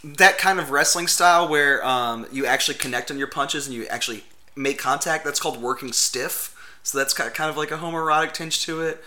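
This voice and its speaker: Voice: medium pitch, fairly quick, pushed and bright. A podcast co-host in casual chat, amused and analytical.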